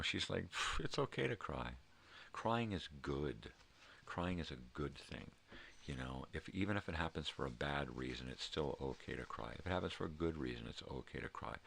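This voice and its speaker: A very deep, gravelly voice from an older man who rambles through a casual monologue. He swears freely and hammers his points with heartfelt emphasis. Lots of "you know"s fill the gaps. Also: fairly bright tone. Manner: emotional, heartfelt. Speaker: vlogger.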